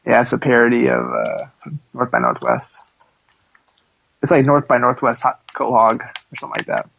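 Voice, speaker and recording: A man's voice: mid-range voice, huge pitch swings, normal speed, creaky, fairly bright tone, slightly rough, highs cut off. A man co-hosting a casual podcast, joking and teasing his friend, rambling with fillers. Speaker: podcast co-host. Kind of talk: casual chat.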